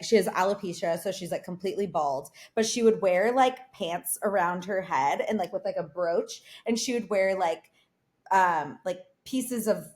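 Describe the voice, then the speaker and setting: A young woman co-hosts a podcast over a remote recording, her voice medium in pitch with a darkish tone. She rambles through a long story in casual chat, leaning heavily on "like."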